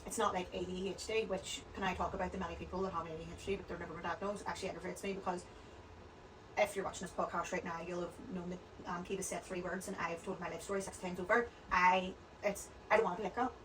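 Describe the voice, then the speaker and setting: A woman's voice: lowish voice, fairly even intonation, fast talker, recorded from a distance, background noise. A woman, chatting as a podcast guest, rambling through stories one after another. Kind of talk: casual chat.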